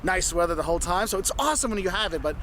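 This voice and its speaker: A man with a high voice for a man talks outdoors in a city. He gives travel advice patiently and repeats his points to make them stick. Faint traffic hums behind him. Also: expressive, rapid-fire. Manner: instructive, repeats points, checks with "okay?". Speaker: travel vlogger.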